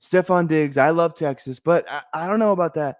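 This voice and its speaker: Man voicing a campy, boastful older politician, pushed up in pitch, dry close sound. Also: brisk, no room sound, close to an everyday voice. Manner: bragging, exaggerated, campy. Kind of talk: comic impression on a live stream.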